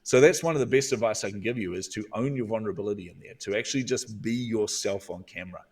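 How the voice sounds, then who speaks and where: Kiwi guy, lowish voice, a bit far from the mic, animated storyteller. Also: breathy edge. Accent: New Zealand. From New Zealand. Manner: animated, acts out inner voices with drawn-out "hmm". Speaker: guest, visibility coach. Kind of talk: storytelling interview talk.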